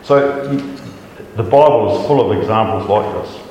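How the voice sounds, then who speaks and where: A man gives a conversational sermon in a slightly low voice. He restarts often and repeats words. His voice carries with long, roomy reverb through a large hall. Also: unhurried, highs cut off, a little hiss or hum. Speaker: preacher.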